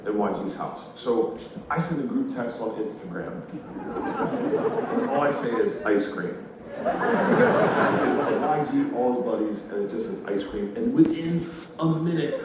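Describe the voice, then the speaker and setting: A man's voice: mid-range voice, heavy background noise. A man telling a stand-up story, acting out the voices of the people in it. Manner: loud animated storytelling, acts out quoted voices, audience laughter. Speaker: stand-up comedian. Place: live comedy venue. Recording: loud roomy ambience, distant mic.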